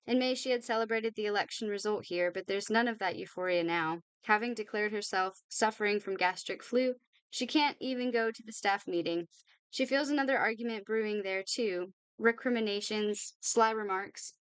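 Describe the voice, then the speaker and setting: A woman reading a novel aloud for her channel, informal and brisk. She trips now and then and corrects herself. Her voice is smooth and clear, recorded close and dry. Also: mid-range voice, no echo. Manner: brisk reading with slips and apologies. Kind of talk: read-aloud novel narration.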